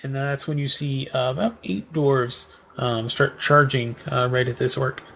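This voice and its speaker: Gravelly guy dm, lots of ums and likes while he describes stuff. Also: medium pitch, fairly even intonation, a bit bright. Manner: halting, full of ums and likes. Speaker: game master. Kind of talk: narrating a tabletop game.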